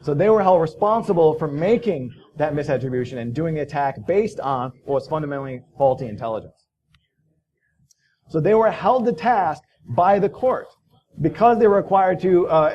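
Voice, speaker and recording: A man's voice: on the high side, expressive, normal speed, a little mellow, muffled recording. A man giving a casual conference talk, telling stories in a loose, profane way with many fillers. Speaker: conference speaker. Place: conference hall.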